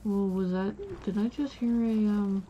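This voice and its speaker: A woman's voice: mid-range voice, fairly even intonation, measured pace, muffled recording, slight background noise. A woman streamer chatting casually while playing a game, telling a rambling story full of "like" and restarts.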